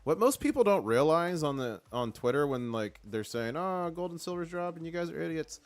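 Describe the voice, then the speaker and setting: A man hosting a casual live stream with excited market commentary, rallying his chat and reading out their comments. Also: a little high, a little fast.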